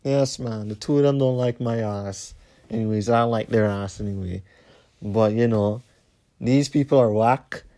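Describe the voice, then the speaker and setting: A man telling a rambling story as a podcast host, heated and profane, repeating himself and trailing off low at the ends of lines. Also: moderate pace, warm tone.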